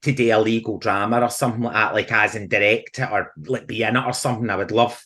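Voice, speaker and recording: Animated Scottish man telling stories. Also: fairly low pitch, fast. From Scotland. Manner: animated storyteller, laughs often. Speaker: podcast guest. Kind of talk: casual chat.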